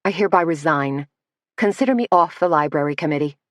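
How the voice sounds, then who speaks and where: A woman's voice: low voice, quick pace, no room sound, clean studio sound, close to an everyday voice. A woman narrator voicing a feisty, blunt middle-aged woman with wry humor. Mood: firm.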